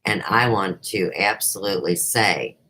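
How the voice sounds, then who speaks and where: A woman's voice: extremely low pitch, a little slow, pushed and bright, poor audio. A middle-aged woman hosting her own livestream show, talking off the cuff in an unrehearsed, rambling way that jumps from topic to topic. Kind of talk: unrehearsed casual livestream chat.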